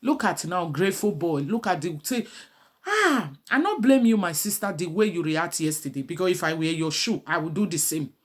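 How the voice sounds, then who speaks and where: A woman's voice: lowish voice, big pitch swings, normal speed, slightly rough. A middle-aged woman giving a pleading, preachy advice monologue as a vlogger.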